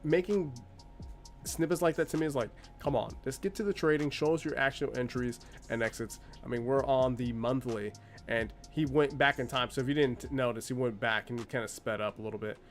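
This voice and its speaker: A man's voice: medium pitch, fairly quick, faint music behind. A man hosting a reaction video, commenting in a sarcastic, exasperated way.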